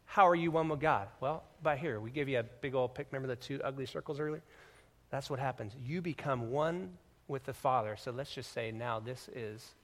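A pastor delivering a sermon to his congregation in a conversational, joking way, swinging from quiet asides to loud, emphatic declarations. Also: mid-range voice, a little fast.

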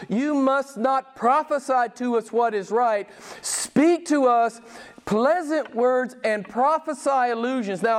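A middle-aged male pastor with a high voice preaches with emphasis. He hammers key lines again and again. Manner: emphatic, repeats lines for stress. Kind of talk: sermon.

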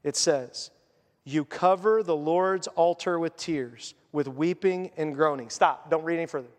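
A man's voice: a little high, unhurried, big-room sound. A man preaching a sermon as a pastor, earnest, and voicing the people he quotes.

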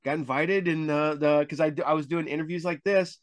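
Easygoing podcast host, fairly high voice. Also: male voice, fairly even intonation, a little fast, no echo, clean studio sound. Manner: easygoing, laughs often, stumbling restarts. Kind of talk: casual interview chat.

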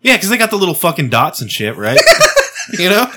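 Teasing guy in banter w friends, bouncy pitch, bright tone. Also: fairly quick. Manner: animated, teasing. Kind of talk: casual joking banter.

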